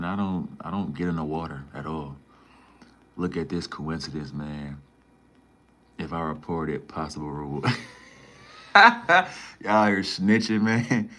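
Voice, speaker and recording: Brief: young male streamer from Minnesota, very low voice, loose slangy chat with viewers. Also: slight background noise. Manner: laid-back slangy banter, says "man" and "bro" a lot. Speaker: livestreamer. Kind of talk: casual livestream chat reading viewer comments.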